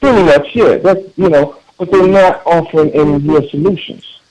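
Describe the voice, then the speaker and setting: A man's voice: fairly high pitch, moderate pace, a little mellow, poor audio. A man calling in to a radio talk show, speaking in an earnest, emphatic way with frequent repeated words and restarts. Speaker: caller.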